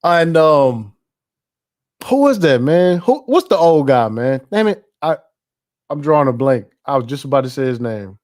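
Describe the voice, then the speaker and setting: A man's voice: mid-range voice, lively intonation, normal speed, darkish tone. A man hosting casual, profane political commentary, laughing often and reacting loosely to ads and clips on his screen.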